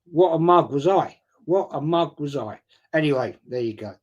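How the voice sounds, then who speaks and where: A man's voice: fairly high pitch, lively intonation, moderate pace, lo-fi sound. A man casually telling a story and answering viewer questions on a stream, swearing freely and often stumbling over repeated words. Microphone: streaming setup mic.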